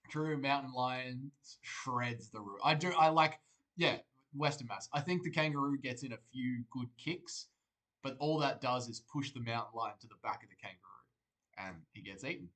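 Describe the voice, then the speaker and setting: A man's voice: medium pitch, fairly bright tone, poor audio. An Australian man streaming live, joking, rambling and swearing as he reads viewer comments aloud. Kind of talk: casual livestream chat.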